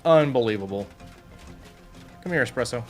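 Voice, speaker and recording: A man's voice: mid-range voice, normal speed, faint music behind. A man casually talking to himself while playing a creature-taming game, chatting to his animals and muttering over stats. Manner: chatty, talks to animals and himself, swings from muttering to excited squeals. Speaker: streamer. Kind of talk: casual gameplay commentary.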